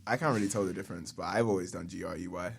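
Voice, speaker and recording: A young man with a British accent talks as a guest in a relaxed, easygoing way. He laughs often and pokes fun at himself. His voice sits a little low. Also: very fast, vocal fry, husky. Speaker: guest rapper. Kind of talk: casual chat.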